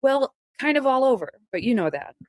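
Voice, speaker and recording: A woman's voice: high-pitched, very animated, fairly quick, no echo. A woman from the Southern United States chatting on a film podcast in a dry, easygoing, playful way. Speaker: podcast guest co-host. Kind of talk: casual film podcast chat.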